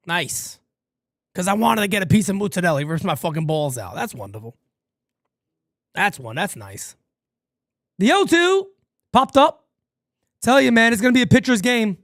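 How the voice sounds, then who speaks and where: A man hosts a livestream doing fan play-by-play of a baseball game, speaking high at normal speed and pausing often. He's animated and rambly, cursing casually as he drifts between tangents, in dry, studio-quality sound.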